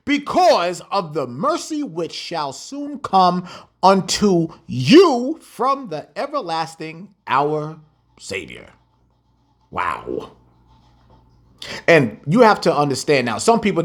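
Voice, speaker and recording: Lively fiery male preacher. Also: high-pitched. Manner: emphatic, repeats key words, swings from quiet to loud; reads scripture slowly and deliberately. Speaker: scripture teacher. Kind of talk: preaching bible lesson.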